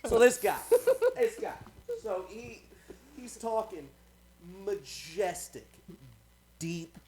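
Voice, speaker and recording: A young man hosting a podcast, telling a story in a casual, animated way, laughing often and swearing freely. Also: high-pitched, very slow, pauses often, slight background noise. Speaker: podcast host.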